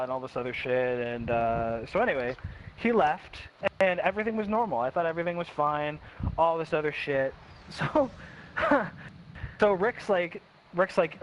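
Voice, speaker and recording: A young man with a fairly high, animated voice tells a personal story bluntly and casually, swearing a lot and acting out quotes. He slips into quick quoted voices and restarts his sentences. The recording is dull and lo-fi, with a faint hiss.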